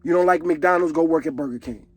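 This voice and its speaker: A man's voice: fairly high pitch, fast talker, no echo. A man, reacting to a song in casual commentary, earnest and preachy. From Chicago. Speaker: reaction video host.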